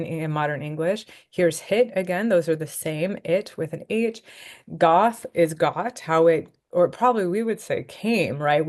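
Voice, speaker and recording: A woman giving an online lecture on a webcam, chatty and self-deprecating, thinking out loud with fillers. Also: deep voice. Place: home, in front of a webcam. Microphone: webcam on a video call.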